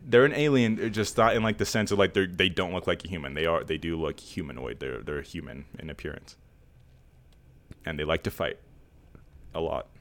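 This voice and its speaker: A man's voice: low voice, fairly quick, a bit bright. A young man hosting a casual quiz game with friends, teasing them, laughing often and swearing casually. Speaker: podcast host running a quiz game. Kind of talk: casual chat.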